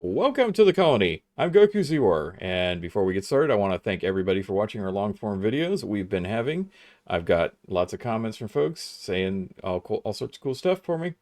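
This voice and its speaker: Lowish guy streamer rambling n joking while he plays, chill at-home vibe. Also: animated, fairly quick, a little mellow. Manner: rambling, self-joking and chatty. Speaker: game streamer. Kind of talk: casual gameplay commentary.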